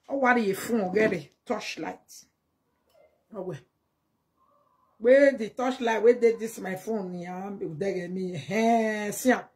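A woman with a Nigerian accent delivering a mocking, scolding monologue to camera, slipping into Pidgin and breaking into loud exclamations. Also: mid-range voice, slow pace, husky. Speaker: vlogger. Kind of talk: casual direct-to-camera monologue.

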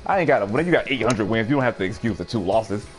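Young male streamer, casual storyteller, animated with a swooping voice and frequent laughs, faint music behind. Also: lowish voice, quick pace. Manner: animated, laughs often, sudden excited outbursts. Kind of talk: casual storytelling while playing a game.

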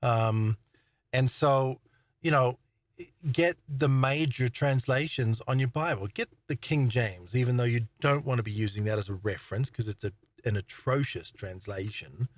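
A man's voice: mid-range voice, normal speed, dry recording. A man giving an informal Bible teaching talk, emphatic, stressing words and checking in with his listeners. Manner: emphatic, repeats words for stress, asks "all right?".

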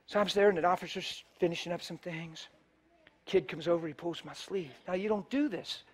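A man's voice: high-pitched, brisk, breathy edge. A middle-aged male preacher telling a story to his congregation, acting out both sides of the conversations as he goes. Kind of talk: storytelling sermon. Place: church before a live congregation.

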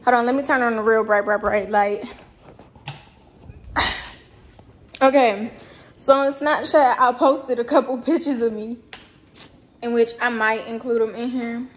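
A young German woman with a fairly high, steady voice talks bluntly to her viewers as she cooks in her home kitchen. It's a casual vlog chat, delivered a little slowly with frequent pauses, and the room sounds spacious.

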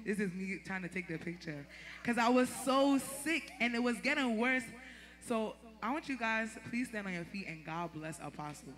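A woman giving a lively, laughing testimony before a church congregation. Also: mid-range voice, fairly quick. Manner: animated, laughing storyteller, turns emotional. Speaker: church member giving a tribute.

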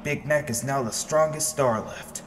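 A man voicing a devious, sharp-tongued male tugboat who snaps his words, with music behind. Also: mid-range voice, a little slow, big-room sound, background noise, natural voice. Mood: snappy, scheming. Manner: snapping, sneering.

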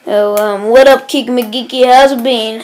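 A woman's voice: on the high side, fairly even intonation, unhurried, darkish tone, close to an everyday voice. A young woman playing a confused field reporter in a homemade comedy skit, hesitant and full of ums. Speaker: sports reporter.

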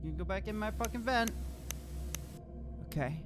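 A man hosting a let's play video, excitable and swearing constantly, shouting when panicked. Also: high-pitched, moderate pace. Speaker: gaming video host. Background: horror game music and sounds.

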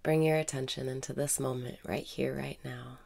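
A woman with a very deep voice leads a guided meditation, calm and unhurried. Her tone is heavy with vocal fry, and her delivery often sinks into a breathy half-whisper between the spoken prompts.

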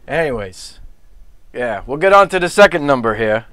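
A man's voice: mid-range voice, very animated, moderate pace, a bit bright. A man with a Bronx accent hosting a live holiday variety show as a lounge singer, with brash, wisecracking stage patter between songs. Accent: New York (Bronx).

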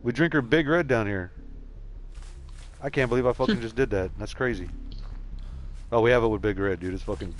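A man's voice: medium pitch, fairly quick, pauses often, slight background noise. A man from San Antonio, streaming a game and telling rambling, profane stories in casual chat. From San Antonio, Texas. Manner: rambling storyteller, swears a lot.

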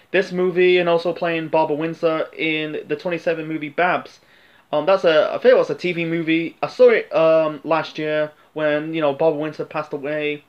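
A man's voice: fairly high pitch, highs cut off. A man talking through a film review in a loose, hesitant way, with many fillers and restarts. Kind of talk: casual rambling film review.

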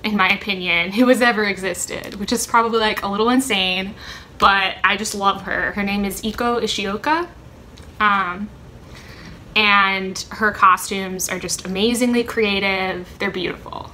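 Chatty young woman, bright voice. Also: medium pitch, fairly even intonation, measured pace, slight background noise. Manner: rambling, chatty, many ums and self-corrections. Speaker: vlogger answering a question tag. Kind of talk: casual chat.

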